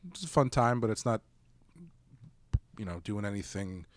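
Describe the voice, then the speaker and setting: A man's voice: lowish voice, moderate pace, dry recording. Male podcast co-host, casual and rambling, dry close sound. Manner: rambling, self-correcting, relaxed. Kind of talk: casual chat.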